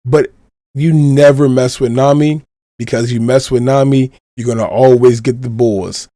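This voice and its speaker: A man hosting a podcast, giving an animated, casual retelling and leaning on the same stock phrases. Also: medium pitch, normal speed, no echo, clean studio sound. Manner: animated retelling, leans on "of course". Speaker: podcast host. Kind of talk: casual recap of a manga chapter.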